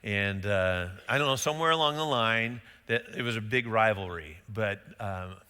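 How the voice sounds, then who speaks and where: A middle-aged male pastor preaching in a loose, conversational way, firing off rhetorical questions and slipping into quick quoted voices. His tone is very bright and forward. The sound rings out with a long reverb, as in a large church sanctuary. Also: on the low side, smooth. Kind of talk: sermon.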